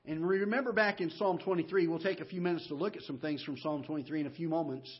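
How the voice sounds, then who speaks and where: A middle-aged male pastor preaching a sermon in a church, telling folksy stories that swing from loud to hushed. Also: fairly high pitch, quick pace, slightly rough, highs cut off. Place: church sanctuary.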